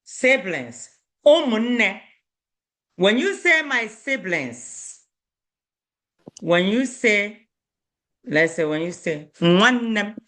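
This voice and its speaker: Woman teaching beginners real slow, keeps repeating words, says okay a lot. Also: medium pitch, bright, forceful tone. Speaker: language teacher. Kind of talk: beginner language lesson.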